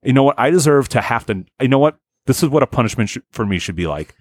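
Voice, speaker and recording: A man hosting a casual podcast, ranting in an exasperated, profane, animated way. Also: medium pitch, quick pace, no room sound. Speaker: podcast host.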